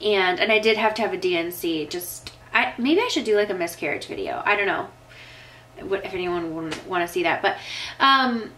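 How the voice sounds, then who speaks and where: A woman's voice: medium pitch, expressive, normal speed, bright, forceful tone, slight background noise, low-quality recording. Young woman vlogger, casual Q&A, emotional and teary, rambling with lots of "like". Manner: emotional, tearing up, filler-heavy. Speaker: vlogger answering viewer questions. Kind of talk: casual chat.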